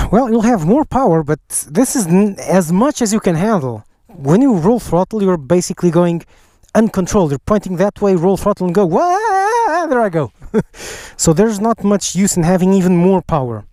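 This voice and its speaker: A man with a high, mellow voice talks through a bike review in a loose, thinking-aloud way. He restarts his sentences, sighs between thoughts, and slips in the odd joke. The sound is dry, with no room echo. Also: expressive, normal speed. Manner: enthusiastic, jokey. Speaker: motorcycle vlogger. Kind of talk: casual spoken bike review.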